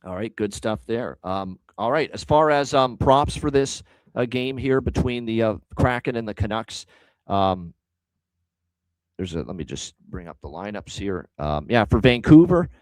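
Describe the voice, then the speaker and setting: A man's voice: fairly low pitch, animated, measured pace, a little mellow, no room sound, low-quality recording. A man hosting a sports betting show, talking through his picks in an emphatic, casual way.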